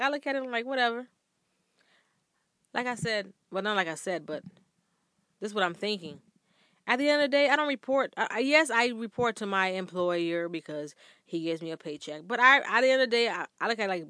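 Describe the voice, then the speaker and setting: Woman, vlogger, earnest, emphatic, bright tone, dry room. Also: mid-range voice, dry recording. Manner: earnest and emphatic, addresses viewers directly. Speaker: vlogger sharing workplace faith tips. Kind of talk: candid talk to camera. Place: room at home.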